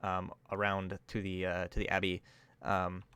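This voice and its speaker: A man's voice: deep voice, completely flat delivery, normal speed, background noise. A man narrating as game master, loose and full of fillers.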